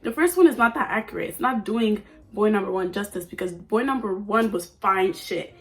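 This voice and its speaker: A woman's voice: mid-range voice, expressive, brisk, a bit bright, faint music behind. A nineteen-year-old woman vlogging at home in a chatty, playful, oversharing way. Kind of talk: casual chat. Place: at home under a ring light.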